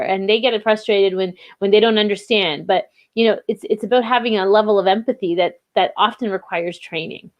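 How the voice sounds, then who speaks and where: Chatty woman with many fillers. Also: medium pitch. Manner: conversational, many fillers and restarts. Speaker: diversity trainer. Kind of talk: casual live webinar talk.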